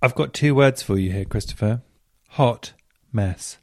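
A man hosting a radio show, reading out listener stories in casual chat, camp and animated, swooping up into exclamations. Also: medium pitch, unhurried, no echo, clean studio sound.

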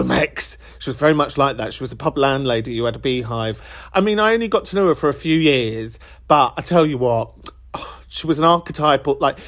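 A man hosting a podcast, chatting casually and reacting to voicemails with bursts of laughter. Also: medium pitch. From England. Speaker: podcast host. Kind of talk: casual chat answering voicemails.

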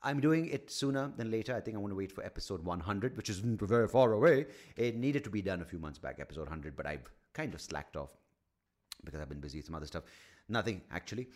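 A man hosting a solo comedy podcast, rambling, swearing and mocking himself as he thinks out loud into a studio mic at home. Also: on the low side, expressive, quick pace. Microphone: studio microphone.

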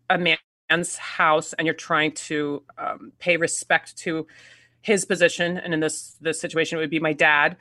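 A woman in her forties, an actor guest in a casual conversation, telling stories animatedly with halting restarts and frequent laughs. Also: deep voice, pushed and bright, no room sound, clean studio sound. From United States.

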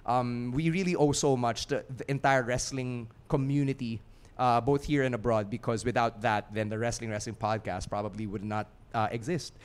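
A man's voice: medium pitch, fairly even intonation, normal speed, clear, resonant tone. A Filipino man co-hosting a wrestling podcast, talking earnestly before a live audience, rambling with fillers and slipping into Tagalog phrases. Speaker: podcast co-host.

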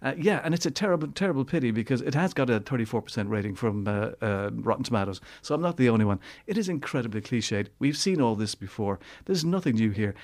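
A man's voice: medium pitch, lively intonation, fast, few pauses, darkish tone. A man reviewing films in casual chat, rambling and hesitant with many fillers. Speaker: film reviewer.

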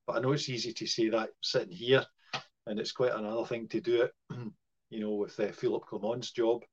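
A man talks football on a podcast in an easy chat. He stops and restarts often and leans on fillers as he thinks aloud. The recording sounds muffled and lo-fi, and his pitch sits in the middle. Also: little pitch movement, normal speed, a little hiss or hum. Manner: hesitant, lots of fillers and restarts. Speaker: podcast co-host. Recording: muffled lo-fi audio.

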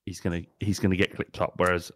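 A man co-hosting a casual football podcast, measured and wry as he builds his points. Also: low-pitched, level tone, a bit bright, no room sound. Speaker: podcast co-host.

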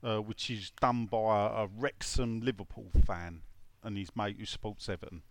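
A man's voice: on the low side, steady tone, normal speed, no echo. A man, co-hosting a casual podcast chat, joking and rambling with stop-start phrasing. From London. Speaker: podcast co-host.

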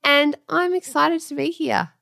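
A woman co-hosting a podcast, chatting in playful, excitable banter. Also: high voice, a little slow, vocal fry. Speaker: podcast co-host. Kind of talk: casual banter.

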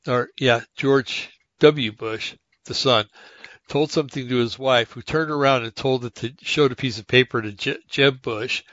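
A man's voice: mid-range voice, fairly bright tone, no echo, highs cut off. A man hosting a podcast, talking in a rambling casual monologue full of fillers and restarts as he reads articles aloud. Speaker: podcast host.

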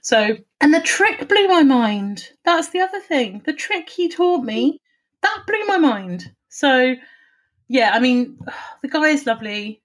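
A woman with a somewhat high voice tells a story in relaxed conversation. She is animated and breezy, and she swears freely. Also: unhurried. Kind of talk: casual chat.

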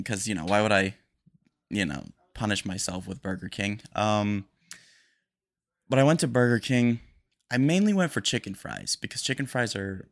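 Young male podcast host, lowish voice, fast rambling chat with nervous energy. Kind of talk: casual solo podcast monologue.

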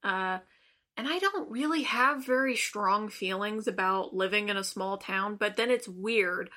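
A young woman co-hosting a casual podcast, musing in relaxed, rambling asides. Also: medium pitch, unhurried. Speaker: podcast co-host. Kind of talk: casual chat.

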